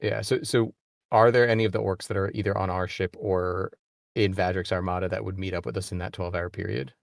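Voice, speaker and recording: A man playing a tabletop role-playing game, animated and quick to laugh. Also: low voice, gravelly, no echo, clean studio sound. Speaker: player.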